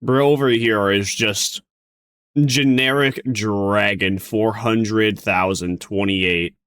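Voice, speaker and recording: A man's voice: fairly low pitch, fairly even intonation, slow, a bit bright, smooth, no echo. Man, streamer, reaction commentary, mocking, rambling, restarts, dry close sound.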